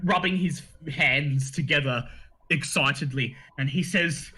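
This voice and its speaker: A man narrating a tabletop game as game master, describing scenes in a lively, storytelling way. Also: fairly high pitch, unhurried, husky. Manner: animated storyteller, laughs along.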